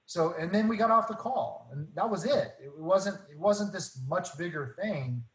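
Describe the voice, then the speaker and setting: A man telling faith stories in casual talk, earnest and animated, acting out the dialogue. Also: sits high, moderate pace, reverberant, low-quality recording. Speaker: guest.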